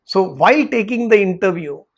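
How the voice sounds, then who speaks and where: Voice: mid-range voice, lively intonation, moderate pace. A Vedanta teacher, retelling a story in a lecture and briefly voicing the characters in quotes.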